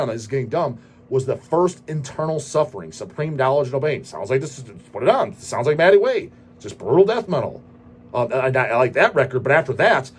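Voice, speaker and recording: Husky profane ranting man. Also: medium pitch. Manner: profane, ranting, repeats goddamn. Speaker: host answering viewer questions. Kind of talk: casual rant.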